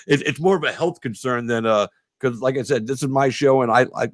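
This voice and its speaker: A man hosts his own podcast, chatting casually with a guest and rambling with lots of fillers. His voice is medium-pitched and fairly quick, captured in a dry, clean studio recording.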